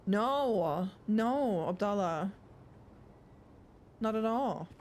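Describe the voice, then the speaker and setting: A woman's voice: mid-range voice, lively intonation, drawn-out words, darkish tone, a little hiss or hum. Playful, foul-mouthed woman streamer with an accent. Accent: non-native. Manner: playful, profane, scolds game characters. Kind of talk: casual live-stream gameplay commentary. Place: room at home.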